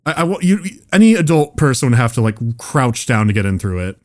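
A man's voice: medium pitch, big pitch swings, fairly quick. A man telling a long story on a casual comedy podcast, rambling and restarting sentences, swearing and laughing as he goes. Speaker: podcast co-host.

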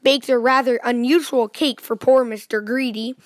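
Lady reading as a stern old wizard, scolding, firm, still kinda high, dry close mic. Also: steady tone, moderate pace, no room sound, lightly acted.

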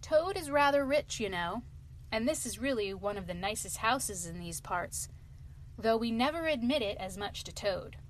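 A cheerful male water rat from a storybook, as a woman reads him aloud. He sounds brisk and lively, with a little lift in pitch. There is a faint hiss of noise under the voice. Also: close to an everyday voice.

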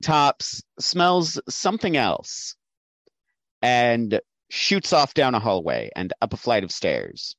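A man's voice: medium pitch, very animated, slow pace, a bit bright, no room sound. A man running a tabletop game as game master, patiently explaining the rules and narrating the scene.

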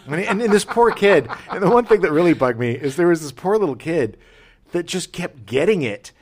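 Animated middle-aged male podcast host. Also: on the high side, brisk. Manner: animated storyteller, laughs often. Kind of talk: casual chat.

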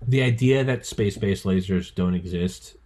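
A man in his thirties hosting a casual podcast chat, talking excitedly and profanely, stumbling over repeated words as he rambles. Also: sits low, normal speed.

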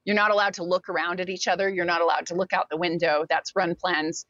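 A woman in her forties telling a personal story as an interview guest, animated and talkative, acting out what people said. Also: on the low side, fast talker, no echo, highs cut off. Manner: animated, talkative, acts out quotes.

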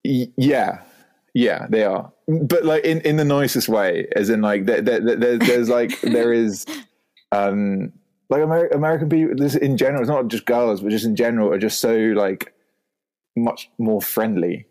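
A man's voice: mid-range voice, normal speed, a little mellow. A young man from England with a posh London English accent, chatting as a podcast guest, hesitant and stammering. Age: 20s. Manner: hesitant, stammering, self-conscious. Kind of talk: casual chat.

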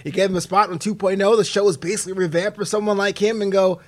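A man co-hosting a casual podcast chat, jokey and quick, with laughing asides. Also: high voice, fairly even intonation. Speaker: podcast co-host.

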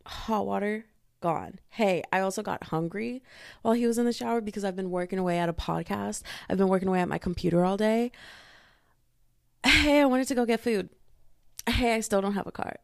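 Woman, young, gravelly fry, dry bedroom recording, chatty animated ranting. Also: medium pitch, fairly quick, no room sound. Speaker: podcast host. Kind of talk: casual solo podcast rant. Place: her bedroom.

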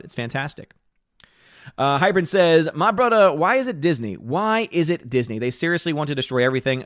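A man's voice: a little high, fairly bright tone, no echo, clean studio sound. A man hosting a movie channel livestream, casually reading out viewer comments and giving opinionated, rambling answers from his room at home. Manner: opinionated, rambling, repeats words.

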